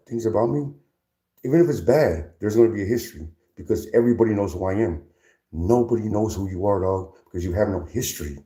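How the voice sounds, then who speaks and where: Low, mellow-voiced man ranting, calling everyone "dog". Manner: confrontational, repeats "dog" constantly; stammering restarts when worked up. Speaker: livestreamer. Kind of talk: heated livestream rant.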